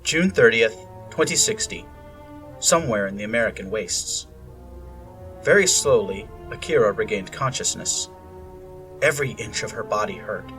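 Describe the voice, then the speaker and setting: A man narrating a story aloud in a steady, measured storytelling voice. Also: lowish voice, distant mic, soft background music.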